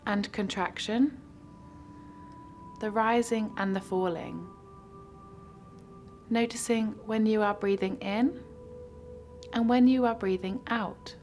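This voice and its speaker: A woman guiding a mindfulness practice with slow, soothing instructions. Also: medium pitch, darkish tone. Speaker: mindfulness guide. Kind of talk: guided meditation.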